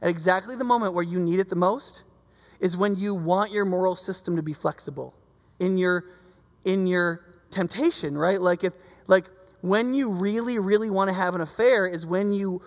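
A preacher giving a casual, conversational sermon, lively and acting out the voices of people in the stories. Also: medium pitch, normal speed. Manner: animated, acts out quoted voices. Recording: long reverb of a large hall.

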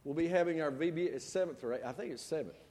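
A male pastor preaching a storytelling sermon, swinging between loud and soft. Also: on the high side, rapid-fire. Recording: long church reverb.

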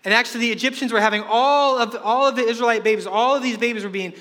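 Man, pastor, lively sermon, high voice, long hall reverb. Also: rapid-fire. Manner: energetic preaching, acts out quoted voices.

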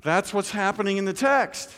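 A man's voice: moderate pace, smooth. Preaching man in a reverberant hall. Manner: storytelling, swings from loud urgent pleading to quiet low asides. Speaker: pastor. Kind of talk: sermon. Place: church sanctuary.

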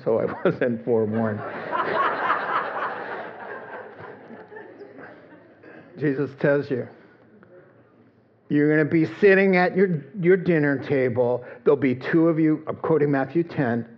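A man's voice: mid-range voice, normal speed, muffled recording. A man preaching a sermon in a conversational, storytelling way, quoting voices and chuckling as he goes. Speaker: pastor.

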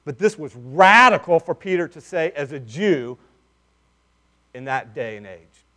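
Male pastor, high voice, emphatic sermon delivery, quiet asides then loud declarations. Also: expressive, measured pace. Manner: emphatic preaching, swings between hushed asides and forceful declarations.

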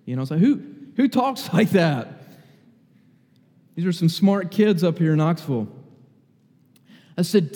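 A man preaches a sermon full of anecdotes, acting out what people said in a range of different voices. His voice is a little high, sing-song and warm, unhurried with long pauses, and it carries long hall reverb.

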